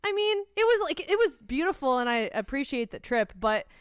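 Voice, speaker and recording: A woman's voice: sits high, sing-song, fairly quick, no echo, studio quality. A woman from the United States co-hosting a podcast, chatting casually and bluntly, swearing now and then. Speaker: podcast co-host. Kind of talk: casual chat.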